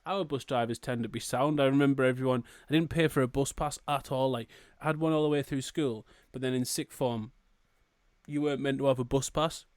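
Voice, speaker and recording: A man's voice: medium pitch, steady tone, fairly quick, no room sound, studio quality. A young adult man co-hosting a podcast, joking and swearing in casual chat. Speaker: podcast co-host.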